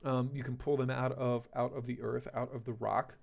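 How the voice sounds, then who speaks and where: A man's voice: medium pitch, little pitch movement, moderate pace, vocal fry, a little mellow. A male teacher giving a vocabulary lesson, rambling and correcting himself, often checking in with "okay?" and "right?".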